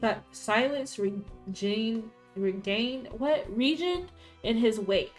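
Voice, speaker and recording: A woman streaming a story game, reading its text aloud and breaking into loud, profane outbursts. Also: on the high side, expressive, slow, soft background music. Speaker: gaming streamer.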